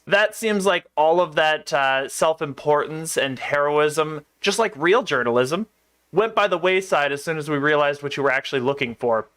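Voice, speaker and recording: A man's voice: on the high side, lively intonation, normal speed, fairly bright tone. A young man giving casual, sarcastic let's play commentary on a game. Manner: sarcastic, wry asides.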